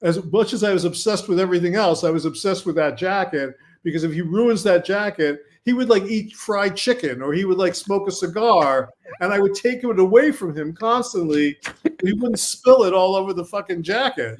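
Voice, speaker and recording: A man from Brooklyn, a film director, telling animated anecdotes as a podcast guest. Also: high voice, moderate pace. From Brooklyn, New York. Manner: animated anecdotes, quotes himself and others. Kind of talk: casual storytelling.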